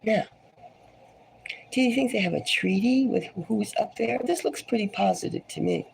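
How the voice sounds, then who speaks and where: Woman doing a rambly tarot reading, super gravelly hoarse voice from a cold, low and kinda dark, whispers sometimes. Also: moderate pace. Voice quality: scratchy voice. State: hoarse, getting over a cold. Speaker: tarot reader. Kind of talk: casual speculative tarot reading.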